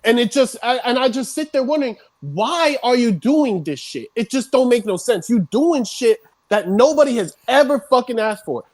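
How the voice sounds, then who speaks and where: Streamer going off on a rant, cursing nonstop, voice cracking, normal pitch. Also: expressive, moderate pace, few pauses. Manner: swears constantly, escalates into shouting. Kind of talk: heated rant.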